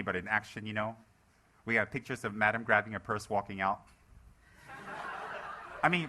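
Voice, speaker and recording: A man gives a Dharma talk with a joking, teasing manner. His voice sits a little low but comes out bright and forceful. He jokes about his own students. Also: a little hiss or hum. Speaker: Buddhist teacher.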